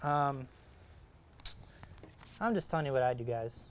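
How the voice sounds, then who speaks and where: A man's voice: medium pitch, expressive, a little slow, clean tone. A man giving a casual, rambling talk to a group on sight fishing from a kayak, full of fillers and restarts.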